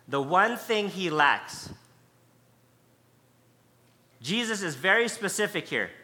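A man's voice: a little high, bright, forceful tone. A man preaching a sermon, emphatic and conversational, stressing key words by repeating them. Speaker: pastor.

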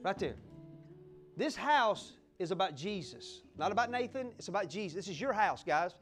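Male pastor, high lively voice, fiery sermon delivery, faint music underneath. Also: moderate pace. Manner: fiery, exuberant preaching with whoops and acted-out little scenes.

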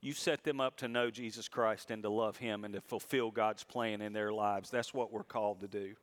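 A middle-aged man preaching a sermon, swinging between quiet reflection and loud, high emphasis and slowing down on key lines. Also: steady tone. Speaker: pastor.

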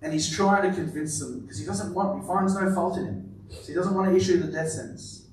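A man preaching a sermon, emphatic and repeating his words, often dropping to a quiet, stressed delivery. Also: high-pitched, fairly quick, slight background noise. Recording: very echoey room, voice from a distance.

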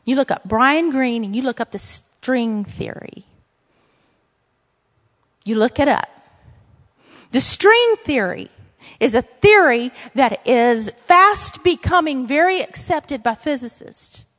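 A woman with a Louisiana accent teaching a Bible lesson, earnest and emphatic, with quick asides to herself. Her voice sits high. It rings out with a long reverb, as if in a large hall. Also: lively intonation, a bit bright.

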